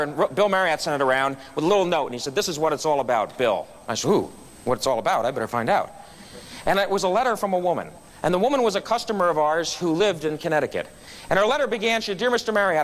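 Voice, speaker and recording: A middle-aged man giving a storytelling speech at a club meeting, acting out the people in his story. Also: high voice. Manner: animated, acts out quoted voices. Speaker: guest speaker at a club meeting. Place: meeting room.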